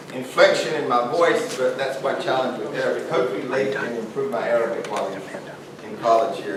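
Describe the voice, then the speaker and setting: A middle-aged man teaching a class in a relaxed, joking, conversational way. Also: medium pitch. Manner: conversational, jokey, asks the class questions. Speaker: Islamic studies teacher. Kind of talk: classroom lecture. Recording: very echoey room, voice far from mic, faint hiss.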